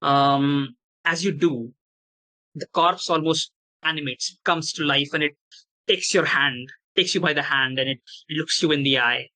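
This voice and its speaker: A man with a fairly high, bright voice guides players through a creepy forest as game master. He stumbles, restarts and fills gaps while making up the scene on the fly. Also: low-quality recording. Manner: halting, many restarts and fillers while improvising. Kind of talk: narrating a tabletop horror game.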